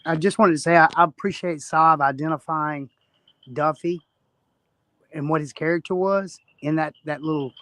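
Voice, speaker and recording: A man's voice: fairly high pitch, fairly even intonation, moderate pace, fairly bright tone, no room sound. A man joining a livestream in casual chat, amused and appreciative. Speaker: guest on the stream.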